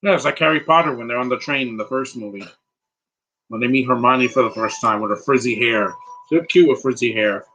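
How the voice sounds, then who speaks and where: A man giving casual live movie commentary, rambling and answering viewers' questions with quick opinions. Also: mid-range voice, pushed and bright, poor audio.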